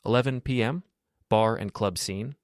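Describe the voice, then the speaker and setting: A man with a very low voice narrates a scripted first-person story. His delivery is steady and matter-of-fact, and the recording is dry and close. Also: moderate pace, no room sound.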